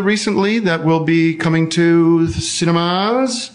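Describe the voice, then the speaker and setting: A man's voice: on the high side, slight background noise. Rambling male call-in host. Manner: rambling, halting, joking delivery with many fillers and restarts. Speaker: host taking listener calls. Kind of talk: casual call-in chat.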